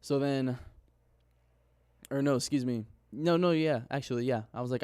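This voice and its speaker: A man's voice: mid-range voice, moderate pace, a little mellow, smooth, no room sound, clean studio sound. A young man in a casual screen-share vlog, recapping his trades in a candid, rambling way and swearing casually. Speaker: forex trader vlogger.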